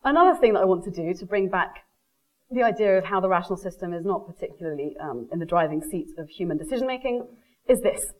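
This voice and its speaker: A woman's voice: fairly low pitch, fast, poor audio. A woman giving a marketing talk to a live audience, telling stories and acting out quoted voices. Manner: lively storyteller, quotes people in animated voices.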